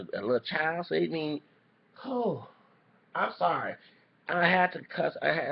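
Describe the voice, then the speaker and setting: Male vlogger, heavy vocal fry, fired-up cussing commentary, muffled lo-fi sound. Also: a little high. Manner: heated, cussing, repetitive, apologizes for swearing. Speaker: YouTuber. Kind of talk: reaction commentary rant. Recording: dull lo-fi recording.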